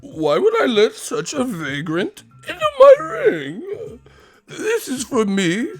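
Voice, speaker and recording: A shrill pompous rich snob. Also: male voice, wildly swooping pitch, soft background music, full character voice. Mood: indignant. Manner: pompous, drawn-out, shrill outbursts. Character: snooty rich British heavyweight, haughty, scornful.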